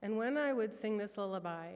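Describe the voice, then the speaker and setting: A woman telling a heartfelt personal prayer story during a church worship service, soft-spoken and emotional. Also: mid-range voice, animated, brisk, clear, resonant tone, big-room sound. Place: church sanctuary.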